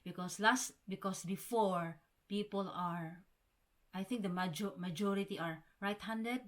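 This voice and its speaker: A woman's voice: medium pitch, a little slow. A woman from the Philippines chatting casually to camera as a vlogger, calling her viewers guys and often restarting words. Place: home in the Scottish Highlands.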